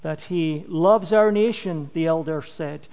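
A man's voice: fairly high pitch, measured pace, big-room sound. A man preaching a sermon, earnest and emphatic, his voice falling away at the end of phrases. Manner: earnest, emphatic, drops loudness at phrase ends.

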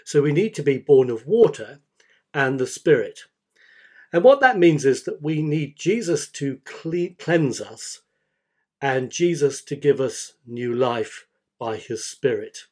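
Slow, deliberate male preacher. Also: mid-range voice, expressive, a little mellow. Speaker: pastor. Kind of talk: sermon.

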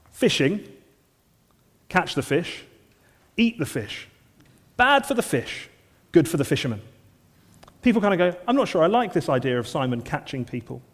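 A man preaching a sermon in an earnest manner, often dropping to soft, intense lines. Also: on the high side, in a large hall.

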